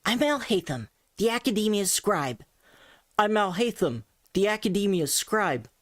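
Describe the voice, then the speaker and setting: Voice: medium pitch, very animated, a little slow, no room sound, clean studio sound, pitched above the performer's own voice. Someone imitating a punchy, aloof young scholar. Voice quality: abrupt and punchy. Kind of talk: voice impression practice.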